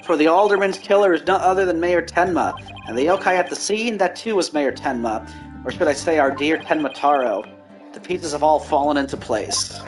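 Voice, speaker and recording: A man's voice: fairly high pitch, soft background music, lightly acted. A man doing a smug villainous prosecutor. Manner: condescending, mocking, deliberate.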